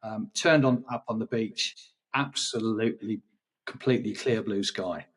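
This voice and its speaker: A man's voice: lowish voice, moderate pace, far from the mic. A man chatting in an interview about his photography, rambling and hesitant, with many restarts. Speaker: guest photographer. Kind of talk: casual interview chat.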